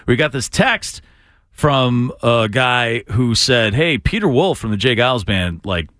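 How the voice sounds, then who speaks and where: A man's voice: medium pitch, measured pace, dry recording, clean studio sound. A man hosting a rock radio show, chatting casually and laughing often. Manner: excitable, laughing banter. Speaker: radio host. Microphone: studio microphone.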